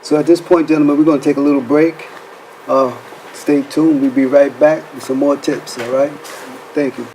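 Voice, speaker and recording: A man's voice: a little high, fairly even intonation, normal speed, dark tone, a little hiss or hum, poor audio. A man hosting a faith-based counseling talk show, asking rhetorical questions and checking in with "right?" as he speaks. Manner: preacherly, rhetorical questions, says "right?" often.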